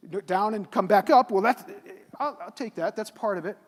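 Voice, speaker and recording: A middle-aged man giving a live motivational keynote at a conference, animated and asking the audience questions. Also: high-pitched, normal speed. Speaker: keynote speaker. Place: conference hall. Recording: reverberant hall.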